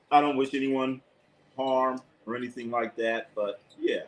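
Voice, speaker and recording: A man's voice: medium pitch, steady tone, moderate pace, rough recording. Blunt, profane man calling a game live. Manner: blunt, opinionated, profane, repeats himself. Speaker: live sports commentator, channel host. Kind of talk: casual live game commentary to a chat.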